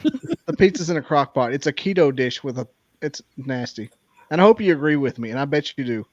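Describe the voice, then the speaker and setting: A man's voice: on the high side, big pitch swings, fairly quick, no room sound, lo-fi sound. A man co-hosting a casual podcast chat, rambling and ranting playfully.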